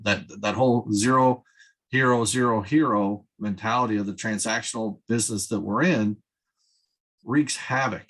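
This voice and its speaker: A man's voice: on the low side, normal speed, a bit bright, breathy edge, low-quality recording. A man in his fifties speaking as a podcast guest, earnest and emphatic, repeating words for stress. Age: 50s. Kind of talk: candid conversational talk.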